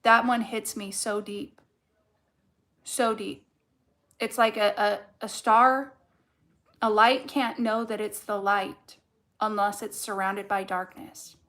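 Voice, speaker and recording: A woman's voice: mid-range voice, steady tone, takes it slowly, long pauses, a bit bright. A young adult woman giving a casual tarot card reading, blunt and fired up, swearing heavily as she talks.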